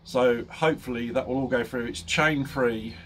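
A man's voice: mid-range voice, steady tone, moderate pace. Guy vlogging to camera, chatty, laughs a lot, mid voice, bit of faint hiss behind. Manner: chatty, laughs often while telling a story, many ums. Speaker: motorcycle vlogger. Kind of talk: casual storytelling to camera.

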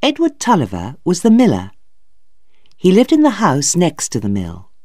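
A narrator reading a graded storybook for English learners in a clear, deliberate, expressive way. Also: medium pitch, no room sound, clean studio sound.

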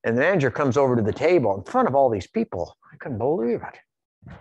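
Animated folksy preacher, man. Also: mid-range voice, fairly quick, husky, no echo, highs cut off. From Iowa, USA. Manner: folksy storytelling, animated, repeats words. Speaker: pastor. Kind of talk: sermon with personal stories. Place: church sanctuary.

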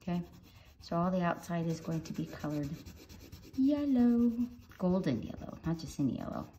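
Low-voiced woman teaching a drawing. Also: steady tone, fast, slight background noise. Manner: gentle, step-by-step instructing while coloring. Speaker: art teacher. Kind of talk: drawing tutorial narration.

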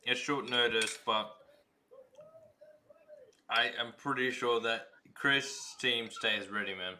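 A man co-hosting a podcast, making relaxed, wry remarks in casual chat. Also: medium pitch, slow. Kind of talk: casual watch-along chat.

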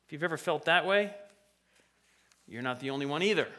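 Lively bright-voiced male preacher. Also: on the high side, a little fast. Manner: animated, conversational, acts out voices from stories. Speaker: pastor. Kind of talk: sermon. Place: church sanctuary.

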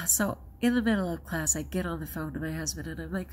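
A schoolteacher and vlogger, a woman, tells a personal story out of breath, expressive and dramatizing quotes with big jumps in pitch. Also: quick pace, hardly any pauses, slight background noise.

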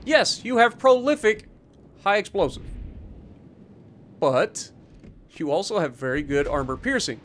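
Animated, high-voiced male game commentator. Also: unhurried, pauses often, slight background noise. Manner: sarcastic, chatty, teasing. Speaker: gaming YouTuber. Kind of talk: casual gameplay commentary.

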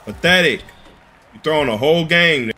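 A man's voice: a little high, moderate pace, pushed and bright, faint music behind. A man streaming a basketball video game, bluntly scolding his teammates over voice chat.

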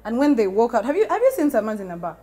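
A woman's voice: a little high, very animated, racing, warm tone. A woman, co-hosting a podcast in casual, teasing chat and laughing often. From Uganda. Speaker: podcast co-host.

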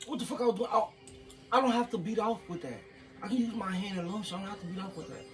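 A man's voice: high-pitched, quick pace, fairly bright tone, recorded from a distance, faint music behind. An angry man, confronting his wife in a heated argument and cursing often. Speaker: husband in a prank video.

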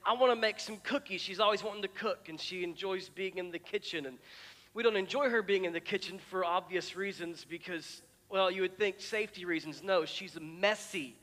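High, bright-voiced middle-aged pastor. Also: male voice, normal speed. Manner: chatty storytelling with many restarts. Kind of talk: sermon. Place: church auditorium. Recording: church hall reverb with music.

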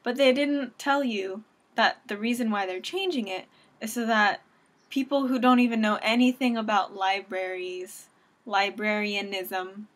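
A woman's voice: a little high, fairly bright tone. A young woman from Southern California ranting at home into a webcam, sarcastic and self-deprecating. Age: young adult. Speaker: vlogger. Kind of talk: casual webcam rant.

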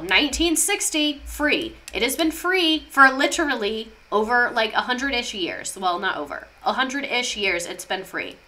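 Brief: woman history vlogger, casual and passionate, irreverent, with a clear and bright voice. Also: a little high. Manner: irreverent, passionate, swears freely.

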